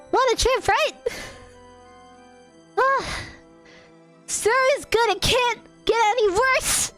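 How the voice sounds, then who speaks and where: A young woman streamer telling a story in an animated rant, giggling, exasperated and swearing casually. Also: very high voice, unhurried, few pauses. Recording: faint music behind.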